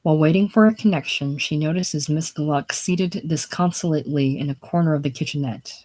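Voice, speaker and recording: Unhurried reader of stage directions. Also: medium pitch, darkish tone. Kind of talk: casual play reading of stage directions.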